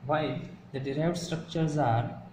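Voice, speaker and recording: A man teaching an English grammar lesson to viewers, explaining slowly and carefully, often repeating and rephrasing his points. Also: a little high, dark tone. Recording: echoey room with faint background hum.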